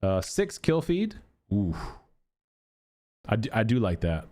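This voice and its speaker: A man giving casual commentary on game cosmetics, with an animated, exasperated, swearing manner. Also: lowish voice, slow. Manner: animated, exasperated ranting with profanity. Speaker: gaming content creator.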